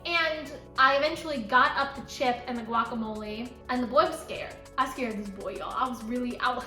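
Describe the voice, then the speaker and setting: A woman's voice: a little high, fairly quick, sharp tone, faint music behind. A woman in her twenties telling a story-time vlog in a chatty way, full of "like" fillers. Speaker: vlogger. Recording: echoey room.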